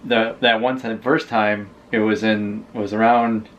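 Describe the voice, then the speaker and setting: A man co-hosting a casual vlog chat, rambling and halting as he explains things. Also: lowish voice, level tone, dull audio, a little hiss or hum. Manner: rambling, halting, many restarts. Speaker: vlog co-host.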